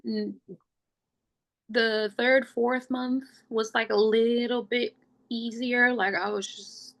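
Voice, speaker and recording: A young adult woman, a podcast guest, telling her pregnancy story in a casual, chatty way, full of "like" and quick laughs, open and emotional. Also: a little high, level tone, creaky. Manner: chatty, fills speech with "like", laughs often.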